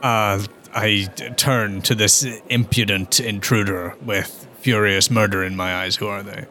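A man playing a tabletop game, phrasing his actions in a theatrical, deliberate way. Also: fairly low pitch, steady tone, sharp tone. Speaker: player. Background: background music.

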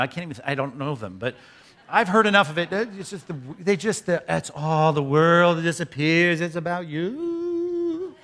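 Animated man preaching a sermon. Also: on the high side. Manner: conversational, animated preaching with asides. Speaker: pastor.

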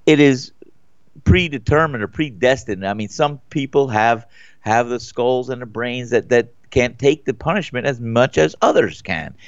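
A man's voice: mid-range voice, moderate pace, no echo. A middle-aged man on a casual talk show, blunt and opinionated, rambling through his points. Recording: dry, dull lo-fi sound.

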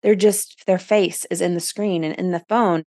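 A woman's voice: lowish voice, fairly even intonation, normal speed, mellow, dry recording, clean studio sound. A woman hosting a podcast, speaking earnestly and affirming her guest in casual conversation. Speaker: podcast host.

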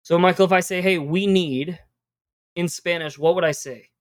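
A woman's voice: on the low side, fairly even intonation, moderate pace. A woman hosting a podcast, teaching Spanish verb endings in a casual, encouraging way and spelling out words.

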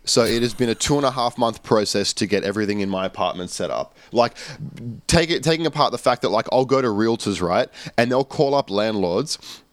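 Podcast guest: young man, casual rambling storyteller, mid-pitched voice, dry close sound. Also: brisk, no echo. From Australia. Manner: rambling storyteller, many fillers and restarts. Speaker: guest musician.

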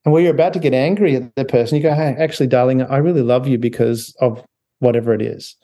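A man in a relaxed podcast interview, talking as the guest author. His voice is mellow and of middle pitch. He laughs easily and often starts sentences over. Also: fast talker. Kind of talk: casual interview talk.

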